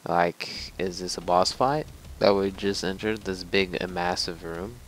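A man's voice: low voice, a little slow, a bit bright, a little hiss or hum. A young man doing let's play commentary, frustrated and swearing, with sarcastic outbursts. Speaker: gaming commentator.

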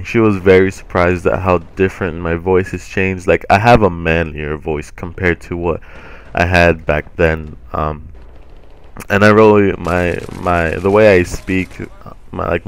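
A young man chats casually to his viewers in a very low, smooth voice that is still groggy from the morning. He rambles along, starting over often, like a gaming host talking off the cuff. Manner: chatty, rambling with many restarts and fillers.

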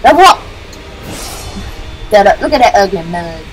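A woman hosting a gaming channel, giving jokey, excitable let's-play commentary, yelling and chanting at the game as she plays. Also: medium pitch, moderate pace, faint music behind, rough recording. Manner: jokey, self-mocking.

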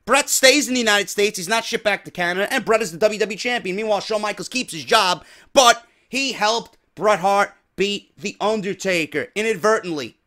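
A man's voice: high voice, a little fast, hardly any pauses, bright, forceful tone. A man with a New York accent hosting a wrestling podcast, ranting profanely and firing off rhetorical questions. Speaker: podcast host.

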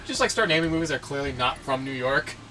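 A man's voice: medium pitch, animated, fast, sharp tone, far from the mic. A man co-hosting a let's-play video, making dry, offhand remarks as the game goes on. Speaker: gaming co-host. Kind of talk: casual let's-play banter.

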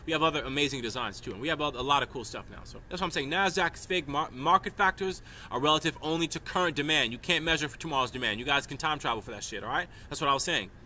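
Casting: man from New York, bright tense voice, rambling emphatic monologue, faint traffic behind. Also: on the high side, quick pace, few pauses. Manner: stream-of-consciousness, emphatic, repeats "right?". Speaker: vlogger.

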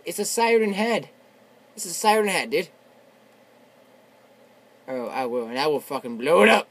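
A young man giving casual, excitable commentary while playing a video game, shouting and swearing, his voice worn from yelling. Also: fairly high pitch, moderate pace, pauses often. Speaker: gamer. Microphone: tablet on a desk.

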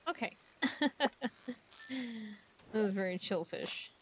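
A woman's voice: medium pitch, animated, slow, slight background noise. A woman streamer chatting casually over gameplay, giggling and talking to the game's characters from a room at home.

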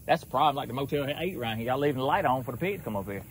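A man's voice: medium pitch, animated, very fast, slight background noise. A man narrating a casual outdoor vlog as a hog trapper, chatting in a folksy way with asides to his viewers. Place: outdoors near a house.

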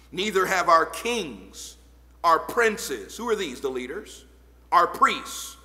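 A man preaching an evening church sermon as pastor, reading old scripture aloud and building to shouted points. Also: sits high, long reverb tail. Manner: reads old-fashioned scripture verses aloud. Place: church sanctuary.

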